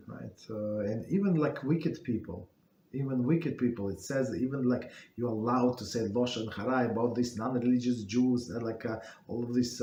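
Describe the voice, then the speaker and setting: Halting man teaching a Torah class. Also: mid-range voice, a little mellow, roomy sound, a little hiss or hum. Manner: halting, many fillers and restarts. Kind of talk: casual spoken Torah class.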